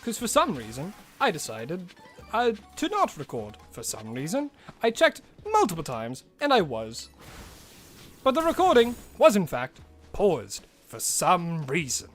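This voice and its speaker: Lively high-voiced man streaming a game. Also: unhurried, soft background music. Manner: rambling, exclamatory, talks to himself. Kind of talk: casual live-stream chat.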